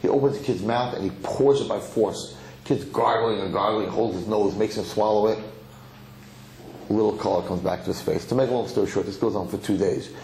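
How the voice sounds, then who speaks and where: A man, a rabbi, telling a long story in an animated way and acting out the characters during a sermon. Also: lowish voice, fairly quick, reverberant, a little hiss or hum, low-quality recording.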